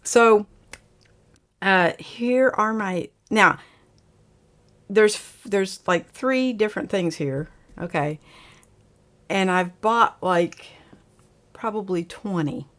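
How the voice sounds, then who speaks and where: A woman's voice: medium pitch, slow pace, long pauses, a bit bright. Woman host, casual livestream chat, laughs easily, reads out the chat. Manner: chatty, laughs often, reads viewer comments aloud.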